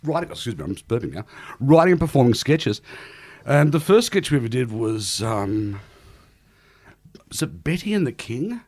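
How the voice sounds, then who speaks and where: A middle-aged Australian man in casual podcast chat, telling stories in an animated, self-deprecating way and laughing often. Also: medium pitch, moderate pace, long pauses. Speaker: guest comedian.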